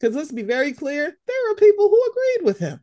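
A woman's voice: high-pitched, huge pitch swings, fairly quick, warm tone, no echo, studio quality. A woman co-hosting a casual sports chat podcast, blunt and profane, often mimicking the people she talks about. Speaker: podcast co-host.

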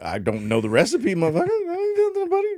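A man's voice: extremely high pitch, wildly swooping pitch, quick pace, warm tone, dry recording, studio quality. A man co-hosting a casual comedy podcast, joking and swearing freely. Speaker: podcast co-host.

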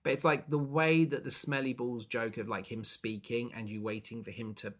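A man's voice: medium pitch, moderate pace. Chatty man recapping a show. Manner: animated, acts out characters' lines in brief bursts. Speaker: podcast co-host. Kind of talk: casual chat recapping a musical.

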